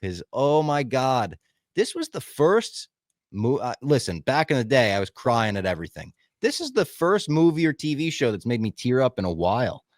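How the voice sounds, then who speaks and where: A man's voice: mid-range voice, sing-song, normal speed, no room sound, studio quality. A man in casual podcast chat, talking with enthusiasm, swearing freely and acting out lines he quotes. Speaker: podcast co-host.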